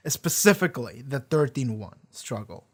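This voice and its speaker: A man hosting his own channel, talking casually with rambling, animated delivery and casual swearing. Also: mid-range voice, unhurried, breathy edge. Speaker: reaction channel host. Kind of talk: casual discussion.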